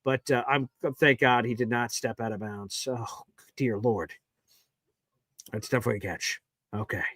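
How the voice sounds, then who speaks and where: A man with a mid-range voice hosts a live sports watch party, calling the play-by-play emotionally as he swings from nervous muttering to loud cheering. His tone is steady and his speed normal, with no room sound.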